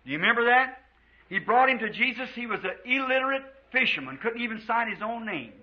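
High husky american preacher guy, fervent sermon in a church, muffled old tape sound. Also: animated. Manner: fervent preaching, drawn-out quotes of scripture. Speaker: pastor. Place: church before a congregation.

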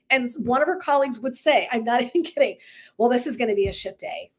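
A woman wellness coach talking live to her viewers, candid and emphatic, swearing casually and acting out stories as she goes. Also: sits high. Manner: animated storyteller who acts out clients' lines. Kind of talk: livestream talk to viewers.

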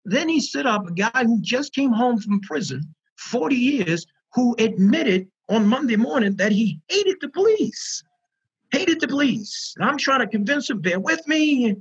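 A man with a high, husky voice tells his stories with earnest energy, doubling back on words to land them. The call audio is muffled and lo-fi. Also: normal speed. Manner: earnest, animated storyteller who repeats words for emphasis. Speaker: founder of a prisoner reentry program. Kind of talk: storytelling in an online panel interview.

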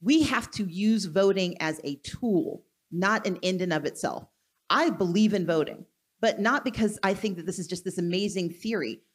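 A woman from Mississippi, a guest speaker in a live onstage conversation, talking in a forceful, deliberate, rallying way. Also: mid-range voice.

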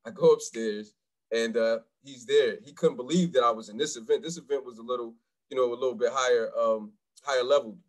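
A man's voice: mid-range voice, fairly quick, poor audio. A man sharing his career journey on a panel. He talks animatedly and jumps into other people's voices as he retells conversations.

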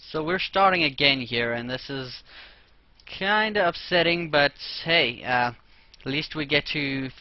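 A young man hosting a let's play, rambling casually and talking to himself as he plays. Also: medium pitch. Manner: rambling, talks to himself while playing. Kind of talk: casual gameplay commentary. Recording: dull lo-fi mic with clear noise.

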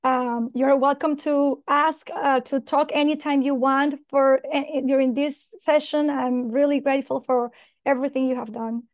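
A woman's voice: high voice, level tone, moderate pace, dry recording, studio quality. A woman presenting on a video call, emotional and apologetic, flustered by screen sharing. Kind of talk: online conference talk.

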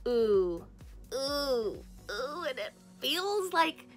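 A young woman hosting a casual unboxing vlog, gushing and excitable, gasping over each cute item. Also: high voice, drawn-out words, faint music behind. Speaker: craft and squishy channel host.

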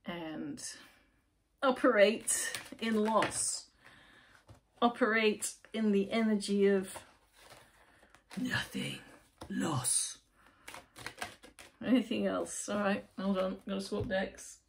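Female tarot host, casual and emphatic, drawn-out unhurried delivery, keeps interrupting herself. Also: mid-range voice, gravelly, a little hiss or hum. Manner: chatty, rambling, self-interrupting, emphatic. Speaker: tarot reader, channel host. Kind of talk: casual tarot reading to camera. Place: at home, lit by her computer.

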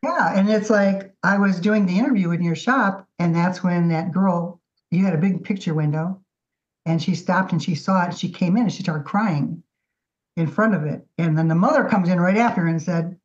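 A woman guest artist telling her story in a casual, animated interview. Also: lowish voice, moderate pace. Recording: dull lo-fi audio.

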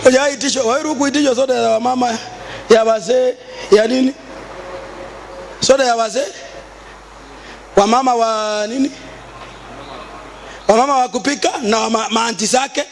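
A Kenyan bishop preaching in a very high voice, rising into shouted and sing-song passages. He mixes Swahili with English. A faint hiss sits under the recording. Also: fairly even intonation, moderate pace, gravelly, long pauses, long reverb tail. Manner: switches between Swahili and English. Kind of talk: sermon.

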